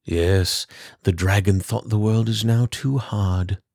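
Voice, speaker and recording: A man's voice: on the low side, steady tone, slow pace, creaky, darkish tone, no echo, clean studio sound, heavily acted. A man voicing a weeping hooded boogeyman. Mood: sorrowful.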